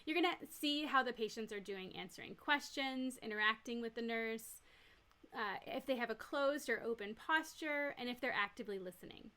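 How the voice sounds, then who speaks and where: A woman's voice: on the high side, moderate pace, sharp tone. A woman who teaches nurses, giving a recorded lecture and explaining each step plainly with everyday examples. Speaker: nurse educator.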